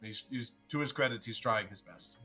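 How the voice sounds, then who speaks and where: A wry young adventurer who rambles through apologies with bursts of laughter, as a man plays him at the table. His voice comes across bright and forward at a middle pitch. Soft music plays behind. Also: moderate pace, lightly acted. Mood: wry, apologetic. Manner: rambling, laughs between words. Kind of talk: tabletop role-play in character.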